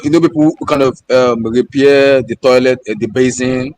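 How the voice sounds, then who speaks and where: Man talking haltingly on a call. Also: medium pitch, fairly even intonation, darkish tone, no room sound. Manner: hesitant, halting phrasing. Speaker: panelist. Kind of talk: casual video call chat. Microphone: video call.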